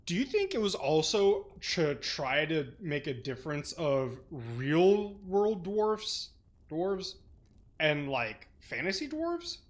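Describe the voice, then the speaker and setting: A man's voice: fairly high pitch, very animated. A man co-hosting a book club podcast, chatting casually in a blunt, profane, joking way. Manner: blunt and profane, quick with jokes. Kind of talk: casual chat.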